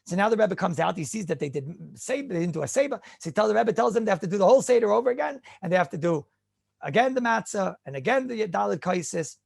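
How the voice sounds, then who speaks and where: Middle-aged rabbi, high-pitched and gravelly, animated lecturer who fires off rhetorical questions. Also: male voice, fast talker. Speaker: rabbi teaching halacha. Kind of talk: halacha lecture.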